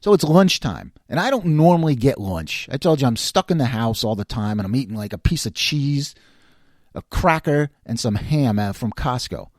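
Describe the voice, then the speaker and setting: A middle-aged New York man talks in a mid-range voice at normal speed, very animated, in a casual vlogger monologue. He rants with exasperation while telling a story, acting out what other people said. The recording is dry and studio quality.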